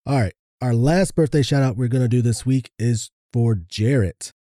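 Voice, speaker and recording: A man calmly reading birthday shout-outs on a podcast in an understated way. His voice is very dark and mellow. The sound is dry and close. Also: mid-range voice, moderate pace, no room sound. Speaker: podcast co-host.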